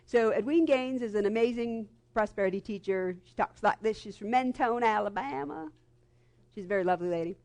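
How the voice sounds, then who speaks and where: A middle-aged woman giving a sermon as guest minister, in a lively conversational way, into a live microphone before a congregation. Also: on the high side. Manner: lively and conversational, acts out quoted voices. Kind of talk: sermon with storytelling. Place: church sanctuary before a congregation.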